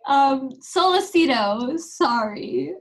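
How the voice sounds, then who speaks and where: A teenage girl co-hosts a casual podcast in a high, bright-sounding voice. She talks in a chatty, playful way and teases her guest. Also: expressive, slow pace, vocal fry, rough recording. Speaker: podcast co-host. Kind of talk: casual chat.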